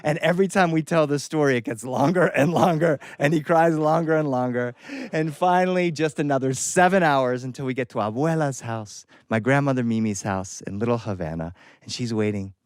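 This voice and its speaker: A male storyteller telling a family memory with lively, animated delivery to a live audience. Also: mid-range voice, a little fast, dry recording, clean studio sound. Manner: lively, animated, chuckles at his own story.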